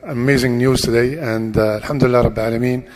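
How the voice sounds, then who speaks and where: A man's voice: medium pitch, fairly even intonation, fast. A man leading a mosque congregation in a cheerful, informal way, laughing often and mixing in Arabic phrases. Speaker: mosque leader announcing a conversion. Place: large mosque hall. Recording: long hall reverb.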